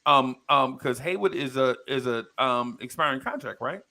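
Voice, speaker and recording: A man with a bright, mid-pitched voice argues eagerly in a casual sports hangout. He restarts his sentences often and leans in hard. He sounds keen and talkative. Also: normal speed, vocal fry. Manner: animated, stammering restarts, argues his point. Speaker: podcast co-host.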